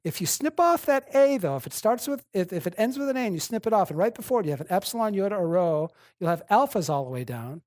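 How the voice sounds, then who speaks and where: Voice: medium pitch, very animated, fast, few pauses, darkish tone, no echo, clean studio sound. A teacher giving an evening lecture on Greek grammar, methodically spelling out and repeating word paradigms. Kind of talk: classroom lecture.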